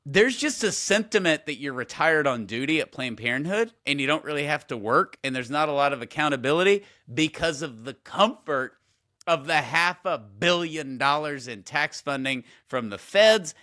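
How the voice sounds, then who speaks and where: A man in his forties co-hosting a podcast, telling stories in a lively, animated way. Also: moderate pace, dry recording, studio quality. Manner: animated storyteller, jumps in pitch when excited. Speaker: podcast co-host. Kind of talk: casual podcast conversation.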